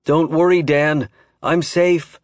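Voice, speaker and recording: A man voicing another man who calls out loudly from a distance, urgently reassuring his friend, in an audiobook. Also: a little high, steady tone, takes it slowly, no echo, clean studio sound, voice pushed up. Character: man calling out reassurance from far off.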